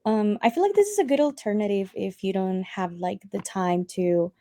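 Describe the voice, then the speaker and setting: Woman, Spanish accent, non-native speaker, mellow voice, dry close sound, hesitant ums. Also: mid-range voice, moderate pace, no room sound. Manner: soft-spoken with frequent ums. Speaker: community team member. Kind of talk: community call update.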